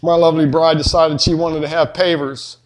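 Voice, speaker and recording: A man's voice: on the high side, little pitch movement, a little fast. A middle-aged man, preaching a sermon in a folksy, joking storytelling way. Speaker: pastor.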